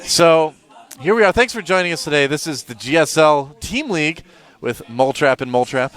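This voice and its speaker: A man's voice: a little high, expressive, a little fast, a bit bright. A man commentating an esports match, with jokey, rambling banter between the plays. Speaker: esports caster. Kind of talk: play-by-play commentary. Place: broadcast studio in Seoul. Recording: music playing under the voice.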